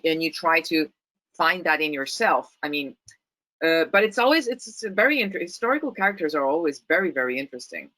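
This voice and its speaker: In a casual interview chat, a middle-aged Italian guest actress speaks thoughtfully with an Italian accent, often restarting sentences and repeating words. Her voice sits low with a fairly bright tone, and the recording is rough.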